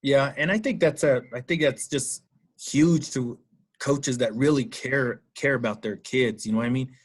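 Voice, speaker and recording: A man's voice: medium pitch, normal speed, slightly rough. A man hosting an interview, himself a coach, talking reflectively and restarting his sentences as he thinks. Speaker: interview host and football coach. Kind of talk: casual interview conversation.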